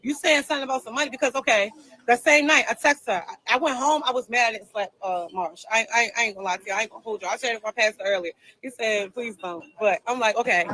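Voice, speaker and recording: A woman with a high, bright, forceful voice speaks on a casual live stream. She tells her story emphatically, repeating herself as she presses each point. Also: rough recording. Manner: emphatic, repetitive, fast storytelling.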